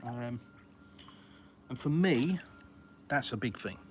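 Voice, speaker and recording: A middle-aged man with an English accent, talking in a relaxed, rambling way on a live vlog stream. His voice sits at an ordinary pitch, and there is a faint hum of outdoor ambience around him. He sounds easygoing and chatty, dropping in fillers and casual British slang. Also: slow pace. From England. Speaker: vlogger answering viewers live. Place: outdoors by a home swimming pool.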